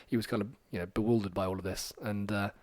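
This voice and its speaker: A man hosting a podcast, telling a story in a rambling, animated way with lots of fillers. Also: fairly low pitch, fast, dry recording. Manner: rambling and animated, many fillers, acts out quoted lines. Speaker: podcast host.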